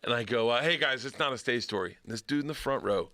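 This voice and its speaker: A man's voice: mid-range voice, fast talker, bright, forceful tone, dry recording. A middle-aged man telling a story in a casual podcast chat, swearing freely and acting out the quotes. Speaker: comedian podcast guest.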